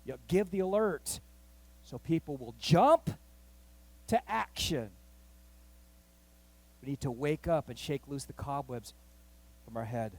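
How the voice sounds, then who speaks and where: A man pastor telling a story in a sermon, animated and acting out the voices of the people in it. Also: on the high side, slow pace, pauses often. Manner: animated, acts out quoted voices, rising excitement. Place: church.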